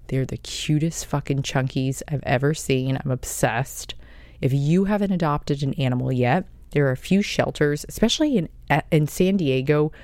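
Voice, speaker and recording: A woman's voice: a bass voice, a little mellow, no echo, clean studio sound. A woman hosting her own podcast, talking in a gushing, chatty and effusive way. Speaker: podcast host. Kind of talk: casual monologue.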